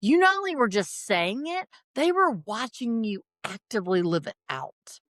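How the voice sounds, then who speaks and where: A woman's voice: fairly high pitch, very animated, moderate pace, fairly bright tone, no room sound, studio quality. A woman guest on a podcast, speaking in an affirming, reflective way in conversation. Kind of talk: supportive conversational chat.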